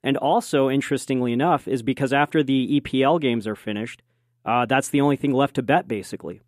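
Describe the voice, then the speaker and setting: A man reporting on sports radio, easygoing and teasing himself, with a mid-pitched voice. The studio sound is dry. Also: fast talker, no echo. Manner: self-mocking, easygoing. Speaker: radio show correspondent. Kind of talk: casual sports radio chat.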